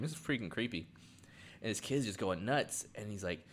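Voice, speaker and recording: Low-voiced man retelling horror plots. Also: fast. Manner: swears freely, retells plots with animated quotes. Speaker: podcast co-host. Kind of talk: casual chat.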